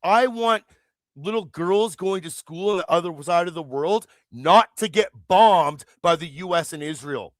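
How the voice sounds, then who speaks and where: A high-pitched man from Canada takes an unhurried pace while hosting a political livestream, with no echo and studio-quality sound. He rants angrily, curses a lot, and rambles with restarts.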